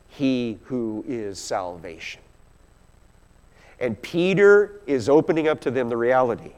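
A man's voice: medium pitch, darkish tone. A man preaching a sermon, explaining scripture verse by verse and reading passages aloud with growing intensity. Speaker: pastor. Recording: long hall reverb.

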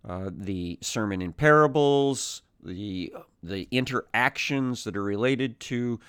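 A man teaching through a Bible passage in a measured, thoughtful way, pausing often with "uh" and restarting phrases. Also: mid-range voice, fairly bright tone, clean tone, no room sound, clean studio sound.

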